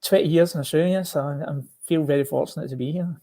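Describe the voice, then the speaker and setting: A man's voice: on the high side, fairly even intonation, fast talker, mellow. Jokey Glaswegian man chatting. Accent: Glaswegian Scottish. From Scotland. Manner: jokey, laughing, stumbles and repeats words. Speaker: podcast guest, safety coach. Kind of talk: casual chat.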